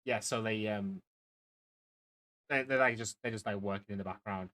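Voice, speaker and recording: A man's voice: lowish voice, normal speed, a bit bright. A man from the UK narrating a tabletop game as game master, rambling with many fillers and restarts.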